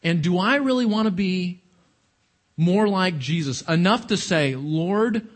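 Lively high-pitched male preacher. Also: measured pace. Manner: questioning the audience, emphatic. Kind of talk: sermon.

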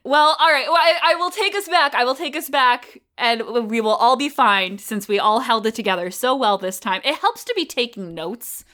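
A woman hosts a podcast in easy, chatty conversation, often laughing as she talks. Her voice sits a touch high for a woman and has a bright, forceful edge. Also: expressive, normal speed, hardly any pauses. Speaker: podcast host. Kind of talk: casual chat.

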